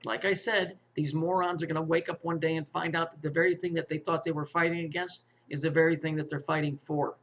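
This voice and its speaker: Male commentator, fairly high-pitched, profane rambler who stammers and restarts, muffled lo-fi audio. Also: flat delivery, brisk, few pauses, fairly bright tone. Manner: profane, repetitive, with stammered restarts and rhetorical questions. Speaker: conspiracy commentator. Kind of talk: rambling monologue.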